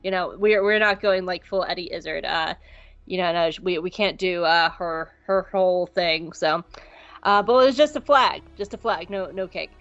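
A woman co-hosting a podcast who recaps an episode in a casual, profane, jokey way and acts out scenes in quick voices. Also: on the low side, a bit bright, no echo, dull audio, soft background music. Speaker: podcast co-host.

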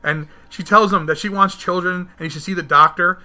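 A man recapping a movie in casual chat, animated and acting out the characters' lines. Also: a little fast. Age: adult, married. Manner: animated, acts out quotes with big jumps in pitch. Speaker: podcast co-host reviewing a film.

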